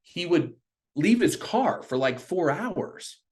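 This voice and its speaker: Middle-aged man, animated storyteller, pitch a bit high, pops into voices for quotes. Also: takes it slowly. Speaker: podcast guest. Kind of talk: casual storytelling.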